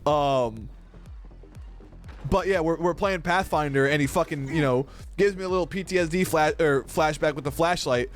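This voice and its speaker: Rambling, high-voiced streamer guy. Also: moderate pace, soft background music. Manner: profane, rambling, peppered with "dude" and "like". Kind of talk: casual storytelling while gaming.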